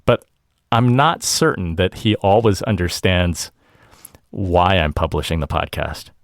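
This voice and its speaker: A man's voice: low voice, measured pace, creaky, no room sound, clean studio sound. A man hosting a podcast and chatting casually, laughing often and acting out what family members say. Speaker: podcast host. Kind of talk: casual chat.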